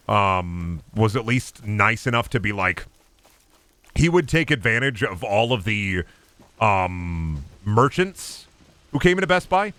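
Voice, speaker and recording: A man streaming a game, chatting in an animated, rambling, profane way. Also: mid-range voice. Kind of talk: casual livestream gameplay chat.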